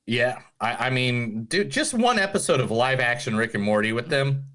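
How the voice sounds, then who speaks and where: Bright-voiced man chatting on a podcast. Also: medium pitch, expressive, moderate pace. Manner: loose, joking, reads out entertainment news. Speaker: podcast co-host. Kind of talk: casual podcast chat.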